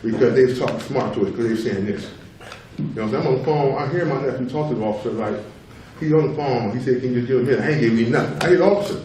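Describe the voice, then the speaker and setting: In a public hearing room, a middle-aged father offers testimony to a tribunal in a warm, medium-pitched voice at a very fast clip. He presses every point by repeating himself emphatically and by constantly asking "you know what I'm saying". Faint noise, a distant mic, and a roomy hall mark the recording.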